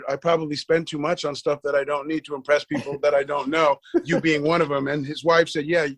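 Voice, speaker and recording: A middle-aged man with a slightly high voice, recorded close and dry with no room sound. He tells his story with animation, acts out the other people's lines and stumbles over repeated words when he gets excited. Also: no echo. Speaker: podcast guest. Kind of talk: casual storytelling interview.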